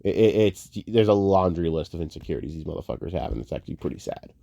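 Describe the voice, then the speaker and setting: A young man ranting casually about movies, profane and heated, wandering off on tangents and swinging between muttering and loud outbursts. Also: deep voice, lively intonation, quick pace, vocal fry, no room sound, highs cut off. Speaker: online commentator.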